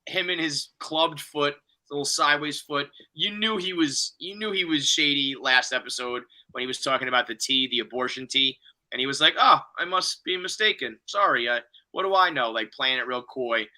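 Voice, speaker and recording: Homme à la voix claire et vive, bavard et grossier. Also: male voice, on the high side. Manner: profane, riffing, animated impressions. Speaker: podcast co-host. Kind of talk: casual recap chat.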